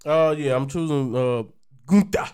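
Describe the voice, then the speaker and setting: A man's voice: fairly high pitch, a little slow, a little mellow, clean tone. A man co-hosting a podcast in casual chat, rambling and joking, laughing often. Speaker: podcast co-host.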